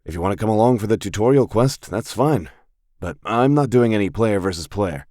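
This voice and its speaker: A man's voice: lowish voice, expressive, fairly quick, darkish tone, dry recording, clean studio sound, pitched above the performer's own voice, lightly acted. A man doing a blunt, wary young gamer. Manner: blunt, plain-spoken.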